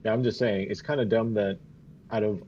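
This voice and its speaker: A man's voice: lowish voice, a little fast, a little hiss or hum. Joking man with dull audio. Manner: joking, animated, laughs a lot. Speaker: player. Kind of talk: casual game banter.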